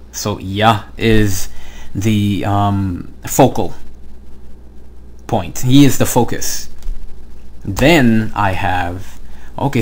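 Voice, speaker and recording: A man with a low voice talks slowly and patiently through a language lesson. He explains each step, pauses often, and checks that his students follow. It sounds like a recorded online class. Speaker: Hebrew teacher.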